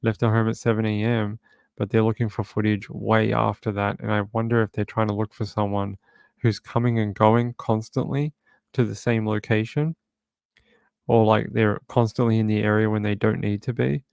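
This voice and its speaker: A man's voice: fairly low pitch, flat delivery, normal speed, gravelly, darkish tone, smooth, dry recording. A man hosting a true crime livestream from home, chatting casually and reading viewer comments aloud.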